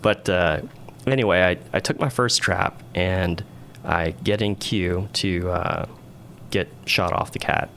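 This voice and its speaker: A man's voice: low-pitched, slow pace, fairly bright tone, a little hiss or hum. A man, a naval aviator and podcast guest, telling a rambling story in casual conversation, often ending phrases with "right?".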